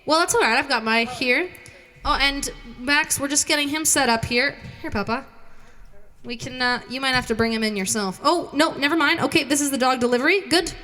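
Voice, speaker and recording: A woman's voice: sits high, brisk, pushed and bright. A bubbly, giggly woman chatting casually to livestream viewers at home between songs, as a singer hosting her own concert.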